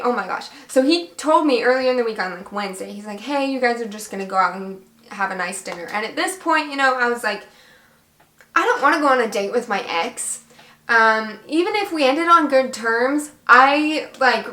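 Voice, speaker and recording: A young woman vlogger casually recounting a story, chatty and animated, acting out quoted dialogue. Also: a little high, roomy sound.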